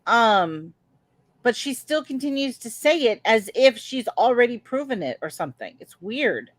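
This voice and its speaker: A woman co-hosting a casual livestream, speaking in a measured, critical way and greeting viewers. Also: on the high side, big pitch swings, no room sound.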